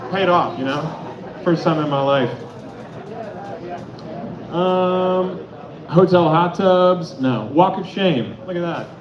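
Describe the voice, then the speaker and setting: A man from Atlanta performing stand-up on a club stage, his voice a little high and full of sudden bursts. He sounds far from the mic, with a roomy echo and a noisy hum behind him. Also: slow pace, pauses often, highs cut off, a crowd in the background. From Atlanta, Georgia. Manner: loud, animated storytelling with sudden shouts. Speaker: stand-up comic. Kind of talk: stand-up comedy set.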